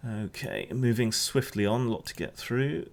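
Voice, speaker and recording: A man's voice: medium pitch, steady tone, moderate pace. A man with a Hampshire accent giving casual, opinionated news commentary on a stream, rambling and restarting often. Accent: Hampshire English. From England.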